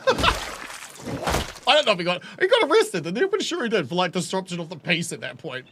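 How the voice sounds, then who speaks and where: A New Zealand man talks over his game stream in a high, lively voice, laughing often and swearing freely as he rants to chat. The recording carries a clear layer of background noise. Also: normal speed, pauses often. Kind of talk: casual live-stream chat.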